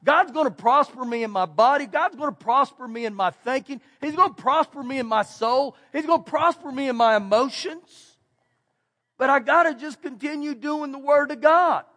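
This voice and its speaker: Texan pastor, male, very high pitched, preaching to a congregation, long hall echo on the recording. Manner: preaching with emphatic repetition and shifts between loud and quiet. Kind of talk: sermon. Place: church sanctuary. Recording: church hall with long reverb.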